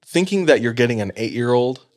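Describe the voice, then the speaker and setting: A man co-hosting a casual podcast, telling a story in a relaxed, hedging way and laughing often. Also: medium pitch, fairly quick, no echo, clean studio sound. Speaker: podcast co-host.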